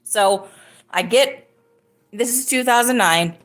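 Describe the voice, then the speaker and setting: A woman's voice: on the high side, slow pace, a bit bright, faint music behind. A woman in her thirties hosting a podcast, telling a story casually and rambling with many fillers and restarts. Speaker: podcast host.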